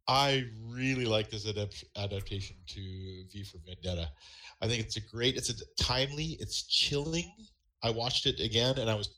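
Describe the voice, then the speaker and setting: A man's voice: medium pitch, normal speed, sharp tone. A man chatting on a podcast panel in a mid-range voice. He talks earnestly, often stumbling and repeating words as he works out his thoughts. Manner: earnest, hesitant, repeats himself while thinking. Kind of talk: casual chat.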